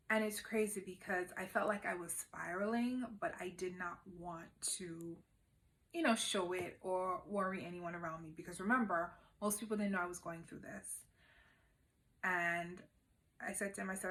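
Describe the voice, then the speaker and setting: A woman vlogger candidly telling a personal story at home, emotional and at times quiet and subdued. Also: on the low side, fairly even intonation, moderate pace.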